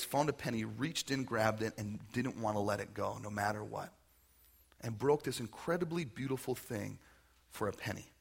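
A man preaching as a pastor at a church service, telling stories with energy and moving into quiet prayer. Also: medium pitch, vocal fry, slightly rough. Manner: storytelling preacher, animated, ends in soft prayer. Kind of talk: sermon.

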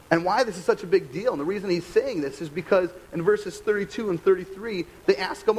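A young adult American man, a pastor giving a conversational, animated sermon full of rhetorical questions. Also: high voice, fairly quick, hardly any pauses, husky, poor audio. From United States.

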